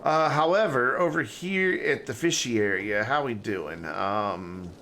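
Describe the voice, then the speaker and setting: A man's voice: mid-range voice, a little slow, sharp tone, slight background noise. A man streaming a city-building game, chatting casually and thinking aloud as he plays, his sentences rambling and trailing off. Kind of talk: casual live gameplay commentary.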